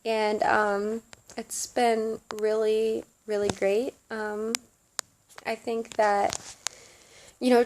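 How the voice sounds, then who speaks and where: Young woman, Southern American accent, casual vlog chat, giggly, filler-heavy, slightly high voice. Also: a little mellow. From Southern United States. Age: young adult. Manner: chatty, giggly, lots of fillers. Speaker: study abroad student vlogger.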